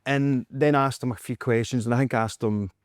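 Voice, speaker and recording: A Scottish man, a podcast co-host, telling a story in casual chat, animated and acting out quotes with frequent laughs. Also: mid-range voice, brisk, clean tone, no echo, studio quality. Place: podcast studio.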